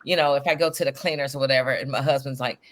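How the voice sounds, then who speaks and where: A woman's voice: very deep voice, steady tone, racing, slight background noise. A woman in a casual group video chat who laughs often and quotes others in playful voices.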